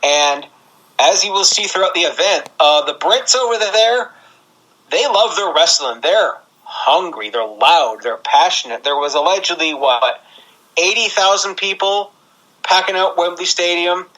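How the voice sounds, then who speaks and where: A chatty man from Canada, co-hosting a podcast with a bright, forceful tone that sits a little high. He talks loosely and happily, recapping events for a listener. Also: unhurried, poor audio. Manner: chatty, laughing asides. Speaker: podcast co-host. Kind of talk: casual wrestling podcast chat.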